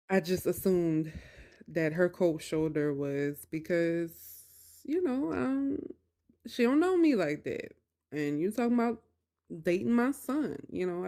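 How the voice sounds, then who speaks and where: A woman with a somewhat low voice tells her own story on her podcast. She speaks casually and animatedly, leaning on words for emphasis and drawing some of them out. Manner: animated, conversational, drawn-out emphasis. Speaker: podcast host.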